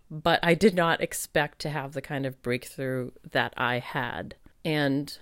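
A woman's voice: a bass voice, dry recording. Casual chatty woman medium podcasting, says like a lot, laughs, swears, dry close sound. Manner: chatty and candid, heavy on "like", laughs and swears freely. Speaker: spiritual medium and podcast host. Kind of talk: casual solo podcast reflection.

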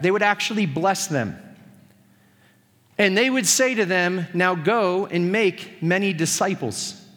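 A man's voice: sits high, a bit bright, big-room sound. A man preaching a sermon as pastor, conversational and earnest with touches of humor.

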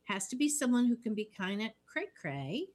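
A woman's voice: a little high, very animated, normal speed. A woman co-hosting a casual podcast chat, telling stories animatedly with quoted asides. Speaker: podcast co-host.

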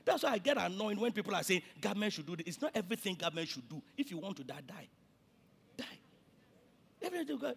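A male pastor with a Ghanaian accent, preaching a sermon that swings between shouting and quiet, and he repeats himself often. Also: sits high, big pitch swings, quick pace, gravelly, husky.

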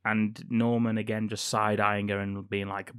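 A man's voice: fairly low pitch, level tone, normal speed, a bit bright, clean tone, no room sound. A man co-hosting a podcast, casually recounting a film's plot with dry, sweary asides. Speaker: podcast co-host. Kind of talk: casual film recap chat.

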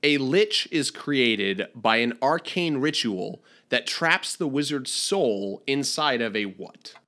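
A man runs a trivia game with a bright, tense edge to his voice. He announces questions, times answers and hands out points in a playful manner. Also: mid-range voice, lively intonation, slow. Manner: announcing, playful, laughs between rulings. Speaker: quiz host. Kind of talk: game show quiz hosting.

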